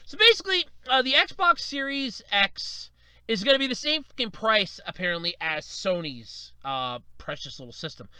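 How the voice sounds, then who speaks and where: A man's voice: high-pitched, moderate pace, smooth, no echo. A man hosting a solo podcast, ranting sarcastically, swearing freely and acting out quoted voices. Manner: animated, sarcastic, cursing, acts out quoted voices. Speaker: podcast host.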